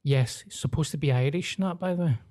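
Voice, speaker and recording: This is a Scottish man hosting his podcast, his voice a little croaky as he recovers from illness. He talks in loose, profane, joking banter with his co-host. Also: a little high, quick pace, warm tone. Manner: sweary, jokey banter. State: slightly croaky after illness. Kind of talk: casual chat.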